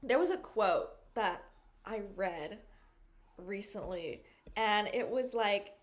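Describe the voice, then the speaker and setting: A woman's voice: mid-range voice, slow. A woman hosting a podcast in a casual chat, rambling and searching for words, with lots of "like" and "you know". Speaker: podcast host.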